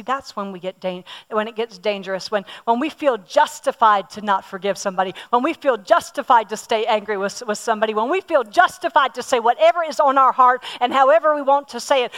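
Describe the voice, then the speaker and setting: High-voiced woman preaching a sermon. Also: fairly bright tone. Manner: personal, emphatic, asks the audience questions; repeats words for emphasis.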